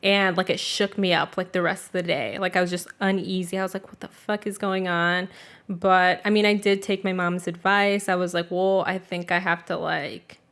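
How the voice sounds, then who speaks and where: A woman's voice: fairly low pitch, fairly even intonation, moderate pace, a bit bright. A young adult woman telling a story in casual chat, filled with "like" and casual swearing.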